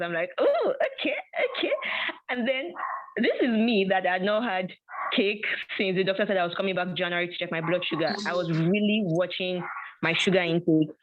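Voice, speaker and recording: A woman telling a personal testimony in an animated way, acting out dialogue and often laughing. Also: on the low side, fast talker. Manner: animated storytelling with frequent laughs and quoted dialogue. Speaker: guest sharing a personal testimony. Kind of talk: storytelling testimony. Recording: tinny phone-like audio.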